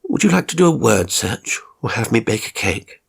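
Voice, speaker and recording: A man doing a soft, literal-minded male carer. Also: mid-range voice, moderate pace, creaky, husky, heavily acted. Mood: placid. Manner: quiet, even and formally literal. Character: calm, soft-spoken, polite male live-in carer. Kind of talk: audio horror story reading.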